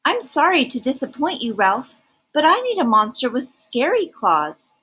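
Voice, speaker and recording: A worried, choosy child from a storybook who keeps questioning, as a woman reads the part. The voice is bright and lively, rising through every question. The words come out slowly and earnestly. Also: high voice, slightly rough, voice pushed up, full character voice. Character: anxious, picky young child.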